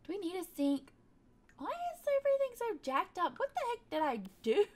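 A woman's voice: very high voice, big pitch swings, normal speed, a little mellow. A woman giving casual, chatty commentary while she plays a building game, thinking aloud and tossing in playful sound words. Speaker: gaming video creator.

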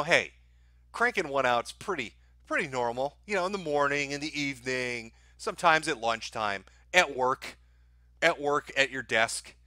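A man's voice: mid-range voice, pushed and bright, no room sound. A man hosting a live stream, reacting with profane, laughing, mocking commentary. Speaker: stream host.

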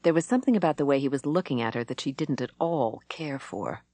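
Brief: female audiobook reader, low voice, dry booth sound. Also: lively intonation, fast, mellow, no room sound. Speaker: audiobook narrator. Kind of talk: scripted narration.

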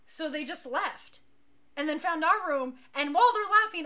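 A woman leading a dance crew, telling stories casually on a talk show, chatty and animated, laughing now and then. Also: very high voice, moderate pace.

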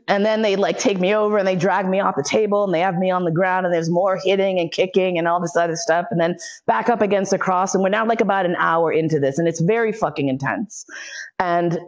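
A woman's voice: on the low side, darkish tone. A woman lecturer telling a personal story frankly and with plenty of swearing, acting out the voices she quotes.

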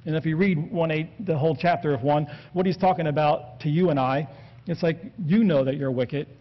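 Man, pastor, earnest sermon, slightly high voice, dull lo-fi sound. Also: a little fast. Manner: earnest, steady preaching with scripture quotes. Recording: dull lo-fi recording.

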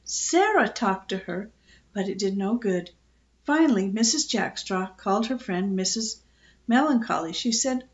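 An older woman, a grandmother storyteller, reading a children's book aloud in a gently expressive way. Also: medium pitch, measured pace, lo-fi sound.

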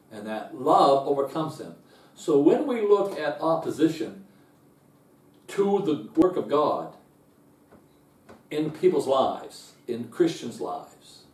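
A man teaching a Bible lesson, earnest and often repeating himself as he works through the verses. His voice is mellow and dark, and it carries an echo, as if he stands some way from the mic in a roomy hall. It climbs higher and louder when he stresses a point. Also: distant mic. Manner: rises in pitch and loudness when stressing a point.

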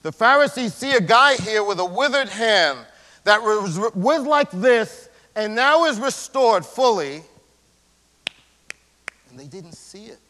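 A male pastor with a high voice delivers a sermon in a casual, slangy manner. His pitch leaps and falls as he swings from loud emphasis to hushed near-whispers. A long church-hall reverb trails each phrase. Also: expressive, unhurried. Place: church sanctuary.

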